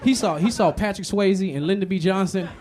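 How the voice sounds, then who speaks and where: A man performing a stand-up comedy set. His delivery is animated and profane, and he swings between muttered asides and loud punchlines. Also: sits high, fairly quick, a little hiss or hum. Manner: animated, profane storytelling with many repetitions.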